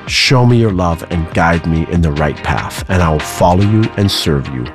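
A man gently inviting listeners to pray in a radio spot. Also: deep voice, moderate pace, music in the background. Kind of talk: radio spot with a spoken prayer.

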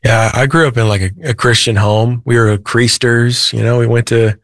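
An American man, a guest on a podcast, earnestly shares his faith testimony in conversation, quoting dialogue and laughing lightly. His mid-range voice is steady, moderately paced and fairly bright, recorded dry with studio quality.

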